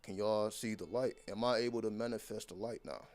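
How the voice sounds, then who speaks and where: A man's voice: lowish voice, fairly even intonation, brisk, darkish tone. A man talking straight to his viewers as a content creator, delivering an unscripted motivational monologue that is blunt, intense and heavily profane.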